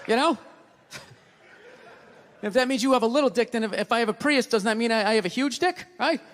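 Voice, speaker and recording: A man doing a stand-up routine, ranting and swearing, with loud outbursts. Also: extremely high pitch, brisk, some chatter behind. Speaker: stand-up comedian. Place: stage in a large hall before a live audience. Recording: live hall with long reverb.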